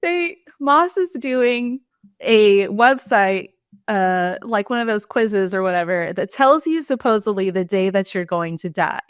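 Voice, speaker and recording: A woman in casual podcast chat, her voice in the middle register. She retells scenes with lively energy and leaps high in pitch when she quotes characters. The sound is dry and close to the mic. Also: unhurried, clear, resonant tone, no echo. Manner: animated retelling, acts out quoted lines with big pitch jumps. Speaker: podcast co-host.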